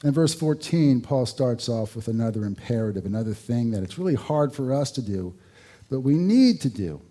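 Male preacher, warm mellow tone, chatty sermon delivery with asides and wry jokes. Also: medium pitch, lively intonation, moderate pace. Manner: conversational, rhetorical questions, dry humor. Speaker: pastor.

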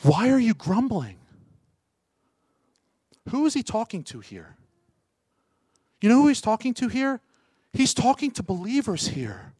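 A man preaching a sermon as pastor, firing rhetorical questions at the congregation and swinging from loud urgent peaks to soft hushed asides. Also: very high-pitched, huge pitch swings, normal speed, long pauses, no room sound.

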